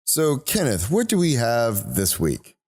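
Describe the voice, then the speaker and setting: A man with a Texan accent hosting a podcast in casual chat, steering the talk with quick teasing. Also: medium pitch, huge pitch swings, a little mellow. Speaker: podcast host.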